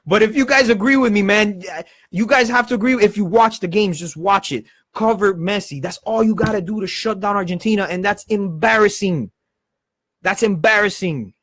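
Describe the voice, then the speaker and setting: A man with a high voice rants on a live football stream. He is heated and swears often, talking in fast bursts. The sound is close and dry, with little room. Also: a bit bright, no echo. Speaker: football channel host. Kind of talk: passionate live-stream rant.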